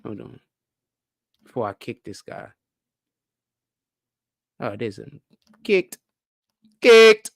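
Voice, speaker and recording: A live-stream host giving casual, profane commentary, piling up rhetorical questions and swinging between low mutters and excited high stretches. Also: slow pace, gravelly, long pauses, slightly rough, dry recording, clean studio sound. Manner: rhetorical, keeps asking questions, profane slang.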